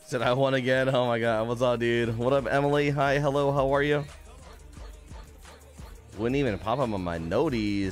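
A man's voice: mid-range voice, normal speed, soft background music. A young man streaming a game, chatting casually and upbeat, greeting viewers by name and swearing now and then. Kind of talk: casual live-stream chat.

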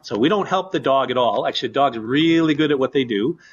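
Male researcher, plain mid pitch, relaxed and full of ums, slightly dull lo-fi audio from a lab. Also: fast, husky. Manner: relaxed, with many fillers. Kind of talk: explaining his research in an interview.

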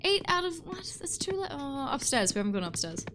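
A woman's voice: high-pitched, sing-song, brisk. A woman chatting casually on a live stream while playing a game, joking and greeting her chat between yawns.

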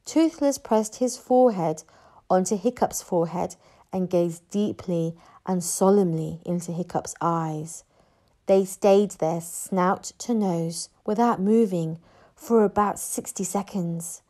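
A woman narrating a children's book aloud in an expressive storyteller manner. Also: on the low side, takes it slowly.

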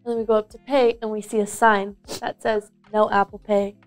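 A woman's voice: medium pitch, level tone, brisk, faint music behind. A young woman guest in a casual student interview, telling stories in a rambling way with many fillers. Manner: rambling, filler-heavy storytelling. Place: school.

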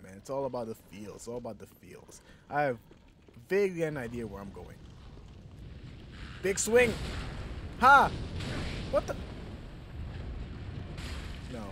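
A man giving casual gameplay commentary, cursing and trash-talking enemies, with sudden high outbursts. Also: background noise. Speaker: gameplay streamer.

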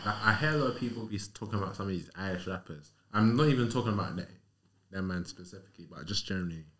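A man's voice: low-pitched, lively intonation, very fast. A man hosting a casual interview, asking easygoing questions and dropping slang fillers.

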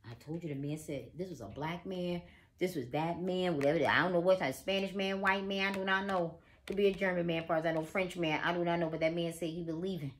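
Low-voiced woman giving a profane tarot reading. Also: slight background noise. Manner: blunt, profane, emphatic, talks to viewer as "girl". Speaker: tarot reader. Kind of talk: casual psychic reading.

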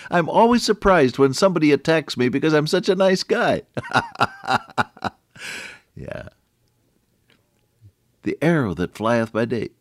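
A man's voice: on the high side, sing-song, measured pace, pauses often, no echo, clean studio sound. An older man giving a folksy, conversational radio devotional sermon and chuckling at his own jokes. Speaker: radio preacher.

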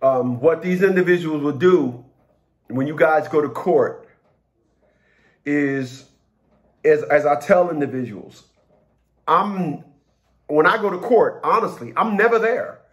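A man's voice: on the high side, measured pace, long pauses. A man ranting to his viewers in a blunt, profane, storytelling way, sharing his experiences in custody court. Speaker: vlogger giving custody advice. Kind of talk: casual rant to camera.

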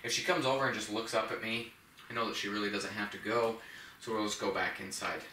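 A man who trains puppies, calmly explaining a training method step by step and softly praising the dog. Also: lowish voice, fast, slight background noise. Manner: calm, plain explaining, with soft praise to a puppy. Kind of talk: instructional demonstration. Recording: echoey room, mic at a distance.

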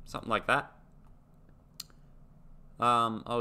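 This young reaction-video host from the United States has a lowish, expressive voice that's creaky with a sharp tone. He talks a little slowly and pauses often, casually reading facts aloud and musing until he trails off.

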